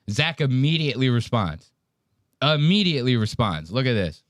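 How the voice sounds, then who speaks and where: Brief: mid-pitched male host, crude and teasing, dry close sound. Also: very animated, moderate pace, no echo. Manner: profane, mocking, storytelling. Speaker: podcast host. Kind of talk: casual podcast chat.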